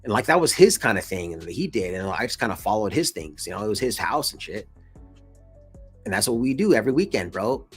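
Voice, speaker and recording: A man's voice: fairly low pitch, sing-song, fairly quick, soft background music. A man in his thirties casually telling a personal story straight to camera, full of slang and swearing, with laughs between lines. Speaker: vlogger.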